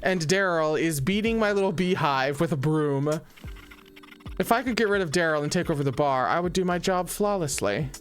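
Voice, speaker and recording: A sassy, scheming angel bar singer who coaxes and flatters to win help, played by a woman. Her voice is fairly even and mid-pitched, with soft music in the background. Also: normal speed. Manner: sassy, persuasive. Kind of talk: let's play voice acting.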